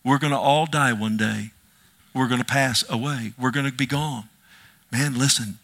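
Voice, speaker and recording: A male pastor preaching a sermon with passion, swinging from loud declarations to hushed whispers and calling out "Amen?" to his congregation. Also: mid-range voice, normal speed.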